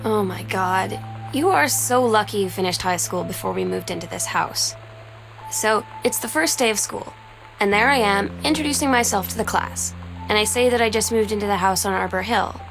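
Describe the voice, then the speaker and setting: A woman's voice: mid-range voice, moderate pace, vocal fry, natural voice, low-quality recording. An actress voicing a teenage girl confiding in her older sister in a game voice-over, wry and rueful. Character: teenage girl, younger sister writing a journal. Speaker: game narrator voice. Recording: game audio with music underneath.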